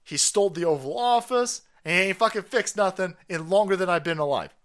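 A man's voice: high-pitched, a little fast, fairly bright tone. A man hosting a livestream, ranting about politics in a profane, mocking way and laughing often. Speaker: livestream host. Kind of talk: foul-mouthed political comedy rant.

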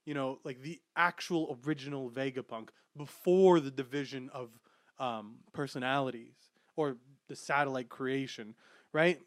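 A man's voice: fairly high pitch, dry recording, studio quality. A man hosting a podcast, talking casually and enthusiastically about a manga, rambling with many fillers and restarts. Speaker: podcast host.

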